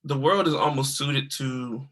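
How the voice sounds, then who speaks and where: A man hosting a casual podcast chat, animated and opinionated, using slang. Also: mid-range voice, unhurried.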